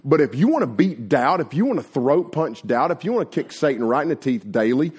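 A man preaching a sermon to young people, telling homespun stories in a folksy, animated way full of filler words. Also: medium pitch, brisk, hardly any pauses, husky. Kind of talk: sermon with personal storytelling.

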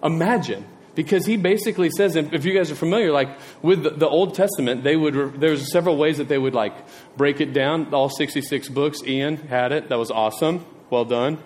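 A man's voice: on the high side, a little fast, a little mellow, a little hiss or hum. A male preacher giving a casual sermon, chatty and rambling, with self-deprecating digressions and questions to the congregation. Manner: chatty, asks the audience questions.

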